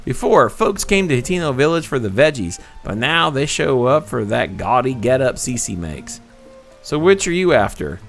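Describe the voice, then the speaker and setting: A man's voice: mid-range voice, lively intonation, moderate pace, vocal fry, fairly bright tone, faint music behind. A man voicing a stubborn, hopeful village pumpkin farmer who chats in a homespun way. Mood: chatty. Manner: chatty, homespun. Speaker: farmer character.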